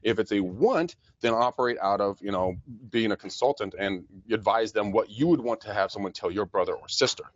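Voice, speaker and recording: A man co-hosting a casual podcast chat, talking fast with lots of repeated words and frequent laughs. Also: fairly low pitch, no room sound, dull audio. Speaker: podcast co-host, real estate agent.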